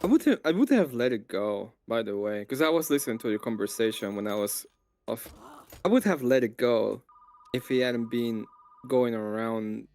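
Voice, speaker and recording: A man's voice: mid-range voice, expressive, normal speed, darkish tone. A man chatting casually on a stream, laid-back and often chuckling. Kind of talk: casual chat.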